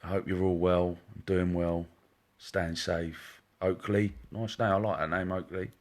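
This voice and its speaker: A man's voice: low voice, little pitch movement, unhurried, a little mellow. A man hosting a live stream as a psychic medium, chatting casually and greeting viewers one by one by name in a chummy way. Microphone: wearing headphones.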